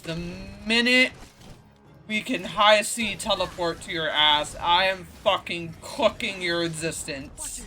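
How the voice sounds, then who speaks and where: A bright, forceful male streamer ranting in slow, drawn-out outbursts of swearing at a game villain. Game music plays faintly underneath. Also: high-pitched. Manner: profane, indignant ranting. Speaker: gaming streamer. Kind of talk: let's play commentary.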